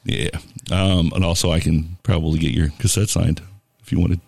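Low-voiced rambling radio host, a man. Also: level tone, normal speed, creaky, a little mellow, no echo. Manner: rambling, filler-heavy, laughs often. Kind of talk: casual radio chat.

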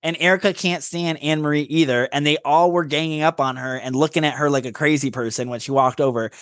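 A man's voice: a little high, fairly even intonation, fast, fairly bright tone, no echo, studio quality. A man co-hosting a podcast in casual chat, rambling and laid-back with many fillers.

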